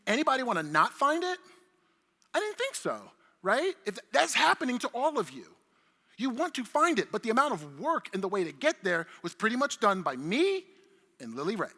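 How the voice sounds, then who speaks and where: Middle-aged male keynote speaker, high pitch, brash and profane, working the room in a big reverberant hall. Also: moderate pace. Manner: animated, profane, chatty with the audience. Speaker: conference speaker. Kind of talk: energetic keynote talk. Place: large conference hall stage. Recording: long reverb of a large conference hall.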